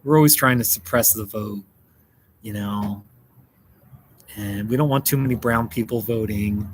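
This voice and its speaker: A man's voice: lowish voice, a little slow, a little hiss or hum. An American man hosting a casual livestream, chatting with viewers by name and laughing often. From United States. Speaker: livestream host. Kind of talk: casual livestream chat reading viewer comments. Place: home in Colorado.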